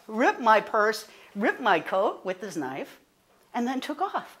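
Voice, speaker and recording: A woman, a guest speaker telling a personal story in an animated, conversational way, full of fillers and self-corrections. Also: on the high side, slow pace. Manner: animated, rising to indignant.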